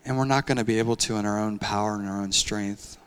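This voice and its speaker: A young man preaching a sermon in a conversational, animated way, often using casual fillers. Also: on the low side, quick pace, clear, resonant tone. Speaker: pastor.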